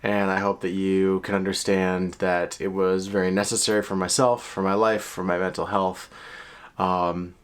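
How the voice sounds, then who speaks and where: A young adult man giving a reflective, casual update to his viewers, often pausing to search for words. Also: low voice, level tone, clean tone. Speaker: video creator. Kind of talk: casual vlog update to camera.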